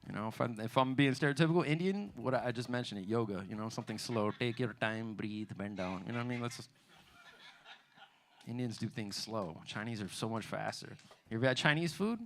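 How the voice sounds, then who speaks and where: A man's voice: mid-range voice, fairly quick, vocal fry. A man performing a stand-up comedy set in a loose, conversational way, often asking "you know what I mean". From United States. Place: theater bar stage.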